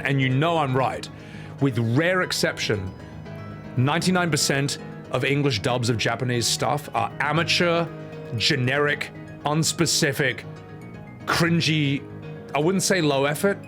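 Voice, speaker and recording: Game streamer, blunt opinionated rant, game music playing behind. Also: male voice, fairly high pitch, unhurried. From Australia. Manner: blunt opinionated ranting with swearing. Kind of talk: casual gaming commentary.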